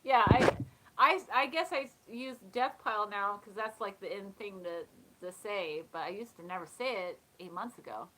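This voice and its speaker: A woman's voice: mid-range voice, normal speed, fairly bright tone, a little hiss or hum, rough recording. A woman hosting a casual live chat, talking in a chatty way, often laughing and reading comments aloud. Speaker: live stream host.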